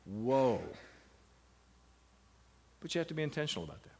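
This middle-aged seminary lecturer has a mellow, husky, mid-range voice with big pitch swings and a moderate pace. Teaching a class on Bible meditation, he questions the students and supplies the answers.

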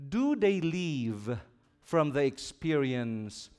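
Very animated, slightly high, and darkish yet clear and resonant, this male pastor's voice carries a slow, swelling sermon. He calls for the congregation to echo his words and raises and lowers his voice for emphasis.

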